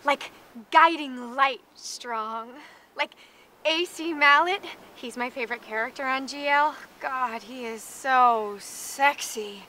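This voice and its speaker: An actress playing a young faire princess who gushes in an affected, romantic way. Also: female voice, high-pitched, slow pace, sharp tone, slight background noise, heavily acted. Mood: dreamy. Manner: gushing and affected.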